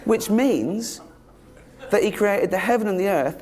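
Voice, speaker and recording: Guy doing stand-up, sarcastic, voice jumps high and all over, noisy live room. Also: expressive, a little slow, a loud crowd. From England. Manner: sardonic, mocking, rising to high-pitched exasperation. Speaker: stand-up comedian. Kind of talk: stand-up routine. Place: theatre stage with live audience.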